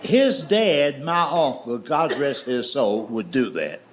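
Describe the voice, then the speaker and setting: Southern guy doing slow folksy standup stories, voice swings up and down a lot, faint crowd noise behind. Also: medium pitch, animated. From Southern United States. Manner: folksy, drawn-out storytelling with dry asides. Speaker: stand-up comedian. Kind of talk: stand-up storytelling. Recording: live show with audience noise. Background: audience laughter.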